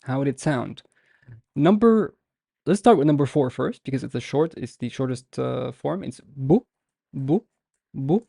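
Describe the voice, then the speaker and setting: Male teacher, slow and patient, gravelly warm voice, dry close recording, repeats drills. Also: mid-range voice, no room sound. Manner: patient, repeats words slowly with many fillers. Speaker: language teacher. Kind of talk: slow explanatory lesson.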